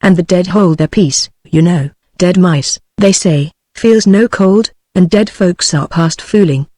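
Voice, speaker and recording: A British woman text-to-speech voice reading the part of a kindly, motherly old housekeeper in a flat, unchanged delivery. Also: on the low side, unhurried, no room sound. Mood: coaxing. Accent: British English. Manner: plain synthetic reading, no change of voice.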